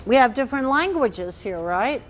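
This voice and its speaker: A woman trainer giving an animated workshop talk, acting out little quoted inner voices as she explains. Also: a little high, normal speed, low-quality recording.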